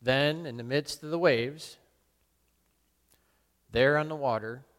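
Man playing a remorseful fisherman apostle, brooding, drawn-out delivery, mid-pitched voice, big echoing hall. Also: close to an everyday voice. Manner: slow, brooding, with sudden loud outbursts. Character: remorseful middle-aged fisherman apostle, brash, guilt-torn. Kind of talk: dramatic first-person monologue. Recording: long hall reverb.

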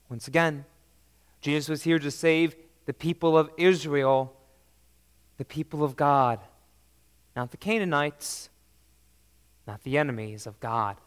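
A male preacher with a high voice delivers a sermon at a slow, deliberate pace. He is emphatic, rising to loud declarations and then dropping soft and low. His words ring out with a long hall reverb. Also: clear, resonant tone.

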